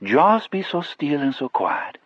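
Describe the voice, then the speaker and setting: Man putting on a Cajun accent, mild little male prisoner, lilting, soft, coaxing, high voice. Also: big pitch swings, unhurried, dry recording, muffled recording, full character voice. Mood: gentle.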